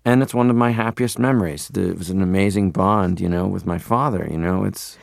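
A man's voice: low voice, fairly quick, gravelly, dry recording, clean studio sound. A man from Canada, a guest in an interview, talking casually and rambling with many fillers.

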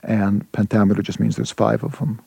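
Gravelly dark-voiced guy talking slow and halting, lots of restarts, dry close sound. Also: lowish voice, little pitch movement, no echo. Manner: halting, many restarts, taps out rhythms. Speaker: playwright and translator. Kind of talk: radio interview.

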